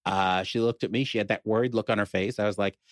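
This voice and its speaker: A man's voice: on the low side, steady tone, fast talker, no room sound, studio quality. A middle-aged man with a New York accent, a podcast guest telling a personal story in casual conversation, with wry humor and frequent restarts.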